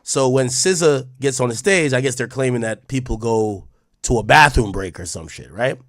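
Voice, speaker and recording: Male streamer, mid-pitched, rambling, swears a lot, mutters to himself, close and dry. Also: normal speed, dry recording. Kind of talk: livestream commentary reading posts aloud.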